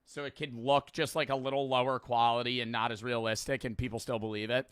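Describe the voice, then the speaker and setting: A man's voice: medium pitch, little pitch movement, fast, background noise. A young man streamer giving blunt, profane, rambling commentary while reacting to a prank video.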